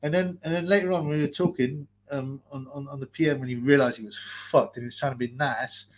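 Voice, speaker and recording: A man's voice: medium pitch, steady tone, quick pace. A man ranting profanely on a live stream, mocking and laughing, his nose blocked so his breathing is heard. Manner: abusive, mocking, laughing, mimics callers.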